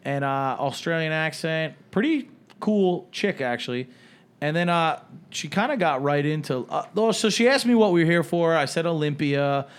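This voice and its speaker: A man with a fairly high voice tells a story among friends. He rambles and restarts often, casual and unpolished. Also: lively intonation, moderate pace, clear, resonant tone. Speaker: podcast co-host telling a story. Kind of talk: casual chat.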